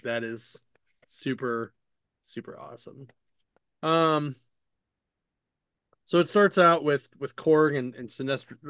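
A man's voice: mid-range voice, fairly bright tone, smooth, dry recording, studio quality. A man hosting a casual chat, rambling with many fillers and restarts as he retells story scenes in his own voice. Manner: paraphrases characters' lines in his own voice. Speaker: podcast host reviewing comic books.

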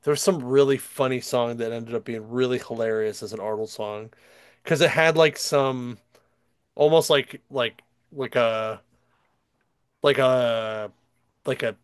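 A man's voice: mid-range voice, unhurried, smooth, no echo, studio quality. A man chatting casually and telling stories as a podcast host, rambling with lots of fillers and frequent laughter. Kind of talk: casual chat, storytelling.

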